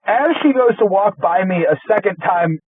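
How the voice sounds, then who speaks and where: A man's voice: high voice, lively intonation, normal speed, slightly rough, no echo. A man co-hosting a podcast, telling a heated, profane work story, stammering and restarting as he goes. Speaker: podcast co-host. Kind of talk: casual storytelling chat. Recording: tinny lo-fi phone-like sound.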